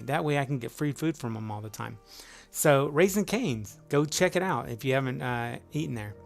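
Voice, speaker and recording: A man's voice: mid-range voice, vocal fry. A middle-aged man hosting a casual live trivia stream, rambling and upbeat as he greets viewers by name.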